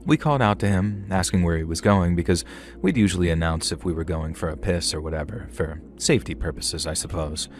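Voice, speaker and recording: A middle-aged man narrating a first-person horror story in a measured, dry storytelling manner. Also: low-pitched.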